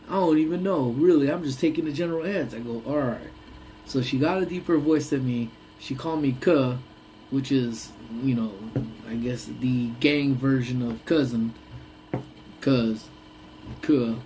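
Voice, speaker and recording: A man hosting a casual live chat on his lunch break, telling stories with big swings from low mutters to high exclamations. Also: mellow, slight background noise, low-quality recording. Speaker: live stream host. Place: parked car on a lunch break.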